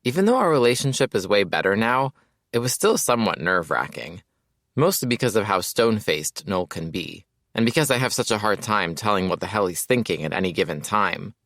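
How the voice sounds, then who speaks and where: Wry male audiobook narrator, low and dry. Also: expressive, a little fast, a bit bright, no echo. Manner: casual, wry storytelling. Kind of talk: first-person audiobook narration.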